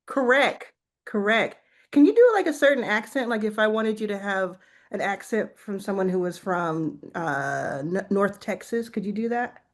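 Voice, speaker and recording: A woman hosting a casual chat, talking in an animated way, full of restarts and "like". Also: mid-range voice, normal speed. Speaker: host.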